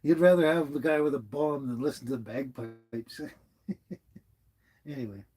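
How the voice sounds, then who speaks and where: This is a man chatting on a casual live stream. His voice is a bit husky and sits at an ordinary pitch. He rambles warmly, circles back on his thoughts and chuckles as he talks to viewers. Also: moderate pace, faint music behind, poor audio. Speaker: livestream host reading chat.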